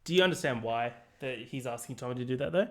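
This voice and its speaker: A man's voice: mid-range voice, quick pace, crowd noise. Man animatedly retelling a story on a call. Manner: animated retelling, acts out characters' lines, swears casually. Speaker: podcast co-host. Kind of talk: casual chat. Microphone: remote call.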